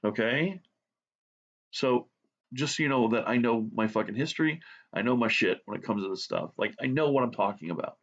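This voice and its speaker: A man's voice: mid-range voice, expressive, normal speed, lo-fi sound. A man from the United States ranting bluntly and sarcastically, swearing constantly. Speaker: art vlogger. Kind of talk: profane rant while drawing.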